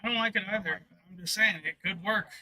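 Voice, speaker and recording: Casting: quick technical male pool analyst, fast delivery, very bright. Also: high voice, low-quality recording. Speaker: co-commentator. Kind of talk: live stream commentary. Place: sports bar.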